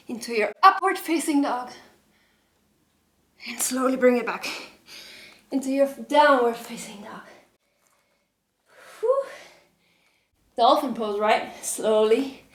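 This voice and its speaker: Breathless woman cueing yoga, echoey room. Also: high-pitched. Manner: encouraging, breathy cues with light laughter. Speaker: yoga instructor. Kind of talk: cueing a yoga workout while doing it.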